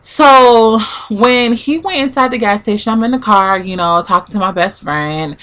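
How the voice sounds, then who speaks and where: Young woman vlogger spilling a story, bright voice, says like a lot, does everyone's lines. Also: medium pitch, normal speed. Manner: chatty, peppered with "like", acts out quotes. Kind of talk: casual storytime.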